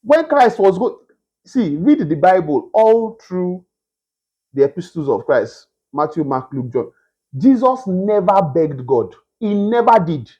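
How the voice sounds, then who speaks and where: A man preaching a sermon, emphatic and repetitive, with a husky voice. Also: sits high, sing-song, a little slow, warm tone, lo-fi sound. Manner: emphatic, repetitive, mimics beggars in a whiny voice.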